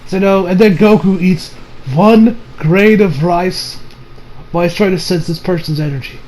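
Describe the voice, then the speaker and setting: A man's voice: sits high, normal speed, darkish tone, a little hiss or hum. A man giving a casual anime episode review in a rambling, slangy way, full of fillers and loose asides.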